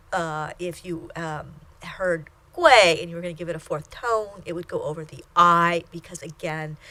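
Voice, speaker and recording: A woman teaching a recorded language lecture, explaining spelling rules with fillers and restarts and modeling sounds slowly. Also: on the low side, a bit bright. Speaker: Chinese language instructor.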